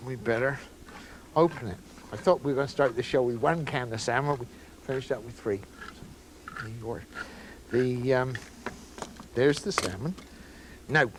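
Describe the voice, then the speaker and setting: A man's voice: medium pitch, vocal fry, noisy background. A man hosting a cooking show, giving a casual, rambling demonstration with folksy asides from a studio kitchen.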